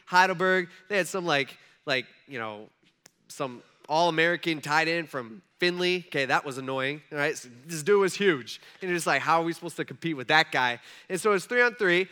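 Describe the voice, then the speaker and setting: A young man preaching a casual sermon, telling stories in a chatty, animated way with lots of fillers. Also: a little high. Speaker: pastor.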